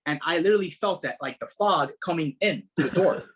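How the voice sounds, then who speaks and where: Husky-voiced man telling his story. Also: a little high, brisk. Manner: animated, repeats words and fillers. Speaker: podcast guest. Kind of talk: casual testimony.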